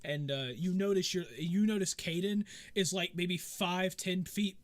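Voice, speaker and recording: A man's voice: high voice, fairly even intonation, a little slow. A man narrating a tabletop game as game master, rambling and full of fillers.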